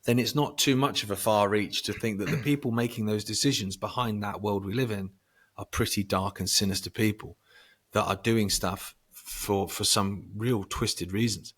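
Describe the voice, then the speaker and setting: A low-voiced man talking casually as a podcast guest. He swears freely and pushes some words out loud and high for emphasis. His voice sits lower than most men's. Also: steady tone, moderate pace, husky. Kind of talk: casual conversation.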